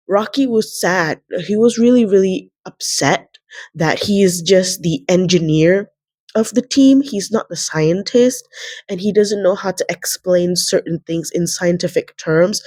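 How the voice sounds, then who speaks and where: A woman's voice: fairly low pitch, warm tone, dry recording. A young woman rambling about a novel in a casual reading vlog, emotional and teary. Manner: rambling, emotional, tearful at times. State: crying. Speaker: book vlogger.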